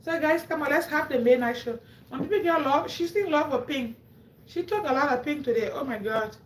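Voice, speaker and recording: A fairly high-voiced woman from Africa with an African English accent chats casually with her viewers on a live stream. Her voice rings around an echoey room, with a faint background hum. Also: fairly quick. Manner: chatty, talks straight to viewers.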